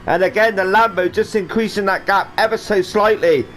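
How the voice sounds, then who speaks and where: A man's voice: high voice, steady tone, moderate pace, a bit bright, soft background music. A man giving rambling, jokey live commentary on a sim race he is also driving in, with a faint hum of game sound behind him. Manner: rambling, jokey, does silly voices for drivers.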